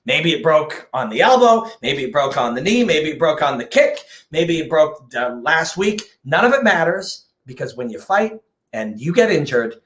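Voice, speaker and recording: A man's voice: a little high, a bit bright, reverberant. A man giving a passionate, emphatic unscripted rant as a combat sports host, swearing freely.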